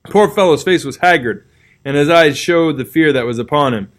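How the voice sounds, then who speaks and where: A man reading a classic novel aloud as narrator, in a measured, dramatic storytelling manner. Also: on the high side, expressive.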